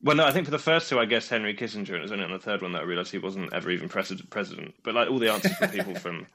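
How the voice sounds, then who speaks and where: An Englishman, co-hosting a podcast in casual chat, rambling and halting with many restarts. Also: on the low side, animated, bright, forceful tone. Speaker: podcast co-host. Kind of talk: casual chat reviewing a quiz show.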